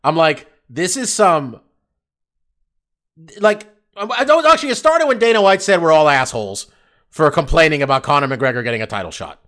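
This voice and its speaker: A man's voice: a little high, animated, fast talker, a bit bright. A man co-hosting a casual sports podcast, ranting animatedly with lots of swearing and laughter. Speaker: podcast co-host.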